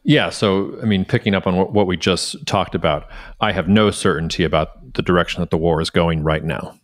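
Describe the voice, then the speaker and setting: A man's voice: low voice, a little fast, dry recording, clean studio sound. A man co-hosting a casual podcast, hedging and thinking aloud with frequent restarts. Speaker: podcast co-host.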